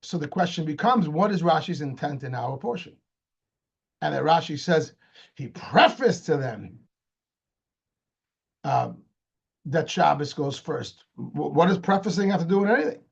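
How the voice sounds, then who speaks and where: A man, a rabbi, giving an explanatory Torah lecture. He talks in an animated way, asks rhetorical questions and repeats words as he restarts. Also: on the high side, moderate pace, creaky, long pauses, breathy edge, dull audio.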